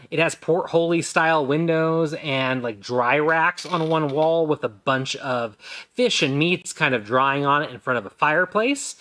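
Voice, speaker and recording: A man's voice: on the high side, sharp tone. A man narrating a tabletop game as game master, describing the scene in detail with frequent ums. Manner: descriptive, hesitant with many ums.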